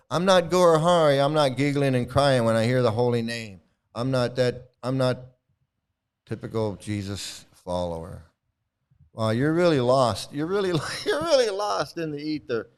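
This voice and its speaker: A man's voice: medium pitch, lively intonation, normal speed, clear, resonant tone. A man hosting a livestream, talking straight to his chat in a combative, repetitive way. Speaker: livestream host. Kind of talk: livestream commentary, answering chat.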